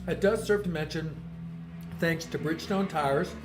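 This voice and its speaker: A man's voice: on the high side, normal speed, over music. A man co-hosting a race stream, chatting casually and ad-libbing sponsor thank-yous in a loose, joking way. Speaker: stream co-host.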